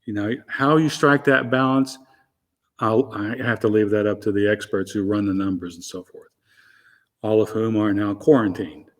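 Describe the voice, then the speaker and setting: Measured man with a faint Southern accent. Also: fairly low pitch, steady tone, long reverb tail. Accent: softened Southern US. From Arkansas. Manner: measured, explanatory, dry wit. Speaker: guest. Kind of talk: interview answers.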